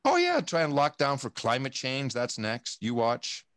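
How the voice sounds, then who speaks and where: A man on a podcast, talking in a rambling, animated and profane way, restarting his sentences often. His voice sits at an ordinary middle pitch. The sound is dry and close, with no room echo. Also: moderate pace. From United States. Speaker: guest. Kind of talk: casual podcast conversation.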